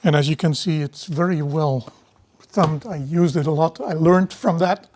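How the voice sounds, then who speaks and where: A middle-aged man giving a university lecture in a relaxed, digressive way, often restarting his sentences. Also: on the high side, unhurried, slight background noise.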